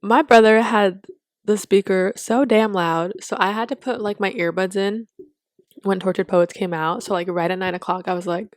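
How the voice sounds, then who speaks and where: A young woman co-hosting a podcast, telling animated stories in casual chat and laughing often. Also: mid-range voice, normal speed, no room sound, studio quality. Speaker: podcast co-host.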